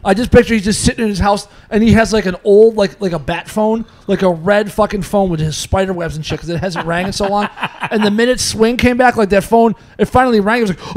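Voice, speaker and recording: A man's voice: sits high, steady tone, quick pace, darkish tone. A man co-hosting a casual podcast, ranting, swearing and laughing as he talks. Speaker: podcast co-host. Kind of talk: casual profane podcast banter. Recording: noisy podcast recording.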